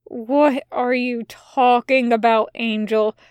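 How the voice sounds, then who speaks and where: A woman voices a hungover male demon, drawling and bleary, his words slow and slurred. He sounds worn out and bewildered, recorded close with a dry sound for a fan audiobook. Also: high voice, no room sound. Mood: confused.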